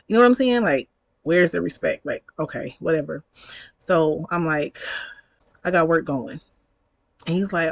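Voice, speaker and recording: A woman's voice: sits low, measured pace, long pauses, no echo, rough recording. Thirties woman, casual storytime vlogger, slangy and chatty, dry close-up sound. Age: 30s. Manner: chatty, slangy, reenacts dialogue, laughs often.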